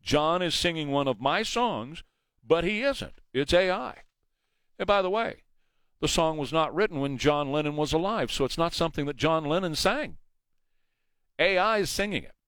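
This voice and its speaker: A man hosts a morning talk show on the radio, pressing his points with rhetorical questions. His voice sits on the high side, and the sound is dry and close to a studio mic. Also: a bit bright, no echo. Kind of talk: morning news talk monologue.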